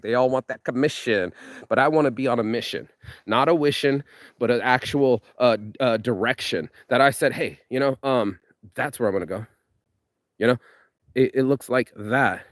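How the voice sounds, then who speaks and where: Swearing and stumbling through restarts, a male vlogger rants in a fired-up motivational monologue. His middle-pitched voice comes across a bit bright, captured dry and close with no room sound at all.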